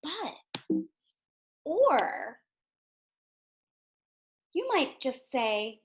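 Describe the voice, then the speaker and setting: High-voiced woman teaching young children. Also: big pitch swings, slow, long pauses. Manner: gentle, asks questions, often checks with "right?". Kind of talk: reading lesson for young children.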